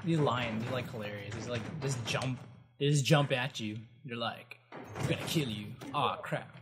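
A man giving casual, rambling commentary over his gameplay, with frequent excited exclamations. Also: mid-range voice, normal speed, music in the background. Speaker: gaming channel host.

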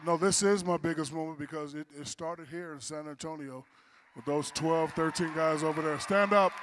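A man's voice: a little high, normal speed, a bit bright. Man in his 40s, teasing storyteller, banquet acceptance speech, faint hall noise. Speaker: honoree giving acceptance speech. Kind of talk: joking speech at an awards dinner.

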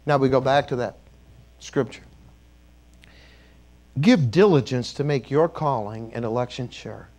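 A man's voice: mid-range voice, measured pace, pauses often, a little mellow. A man preaching a sermon as a bishop in a church, joking and calling on the congregation to repeat words after him.

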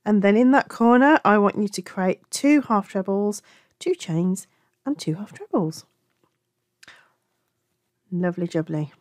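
A woman's voice: medium pitch, animated, unhurried, long pauses, darkish tone, no echo. Chatty woman with a Black Country accent. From England. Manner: chatty, affectionate, self-correcting. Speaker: crochet tutor. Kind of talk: crochet tutorial.

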